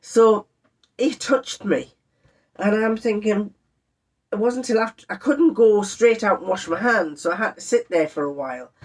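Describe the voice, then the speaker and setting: An older woman, chatting to camera in a sewing vlog, telling an exasperated family story with lively quoted voices. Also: medium pitch, moderate pace. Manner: chatty, exasperated, animated when quoting others. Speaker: sewing vlogger.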